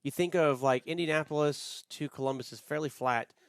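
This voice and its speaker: A middle-aged man co-hosts a podcast in a slightly high, clean voice, talking fairly quickly as he rambles through travel stories with lots of fillers. The casual, friendly chat is recorded studio quality with no room sound.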